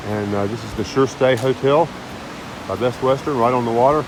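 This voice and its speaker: A man's voice: medium pitch, normal speed, noisy background. A man talking to camera as a thru-hiker vlogger outdoors on a mountain trail, upbeat, grateful and chatty, recorded on a handheld phone. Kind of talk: casual outdoor vlog talk to camera.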